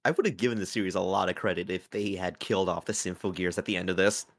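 A man hosting a casual anime podcast, talking in a laid-back, filler-heavy way and bursting into loud laughter. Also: low-pitched, fast. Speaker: podcast host.

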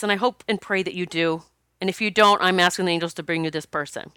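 A woman's voice: on the low side, fast talker, sharp tone, clean tone, no echo, studio quality. A woman talking to camera in a casual, confessional way, rambling and laughing as she goes. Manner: chatty, laughs often, rambling restarts. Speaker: spiritual vlogger.

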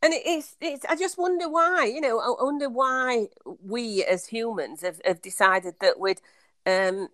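A woman's voice: fairly high pitch, unhurried, fairly bright tone, dry recording, clean studio sound. A woman co-hosting a podcast, talking in a thoughtful, questioning way with many restarts. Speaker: podcast co-host. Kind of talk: casual chat.

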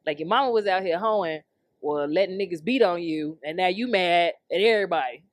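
A woman's voice: lowish voice, brisk, no room sound, clean studio sound. A young woman hosting a podcast, ranting heatedly with nonstop swearing and bursts of laughter. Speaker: podcast host. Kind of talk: profane comedic rant. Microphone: studio mic on camera.

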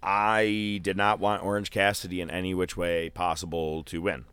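A man chatting casually as a podcast co-host, telling a loose, profane story full of fillers and jumping into animated quoted voices. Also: moderate pace, smooth, no echo. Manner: animated, jumps into high-pitched quoted voices. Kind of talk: casual chat.

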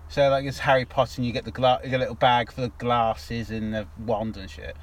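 A man's voice: mid-range voice, little pitch movement, brisk. A man co-hosting a podcast in casual chat, rambling with restarts and swearing. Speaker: podcast co-host.

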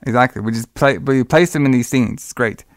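A man's voice: mid-range voice, a little fast, no echo, studio quality. A man in casual chat, retelling the plot of a film in a rambling way and acting out lines, often saying "all right.". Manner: rambling retelling, acts out quotes, says "all right" a lot.

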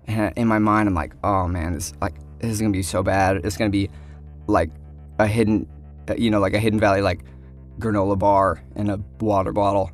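Man telling a story, animated. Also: lowish voice, a little fast, faint music behind. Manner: animated, acts out other people's lines. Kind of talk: casual storytelling.

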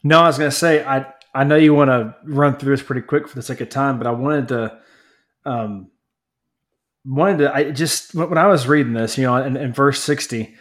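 A man co-hosting a podcast, talking through a Bible passage in an earnest, halting way with many restarts. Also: medium pitch, fairly even intonation. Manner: halting, repeats words, earnest. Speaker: podcast co-host. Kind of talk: casual Bible discussion.

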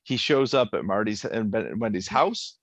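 A man co-hosting a casual podcast chat, animated, laughing often and acting out lines as he recaps a TV episode. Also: fairly low pitch, normal speed, dry recording. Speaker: podcast co-host.

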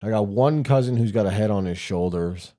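Ranting, profane man with a low, dark voice. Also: brisk. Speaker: podcast co-host. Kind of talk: casual chat.

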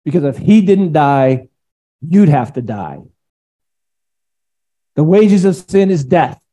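Man, pastor, sermon, animated and conversational, acts out quotes, warm tone. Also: on the high side, takes it slowly.

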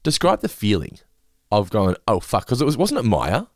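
A man's voice: on the low side, huge pitch swings, normal speed, no echo, clean studio sound. An Australian man hosting a casual podcast chat, rambling and acting out quotes. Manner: rambling, acts out quotes, swears freely. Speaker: podcast host. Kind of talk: casual chat recapping a sitcom episode.

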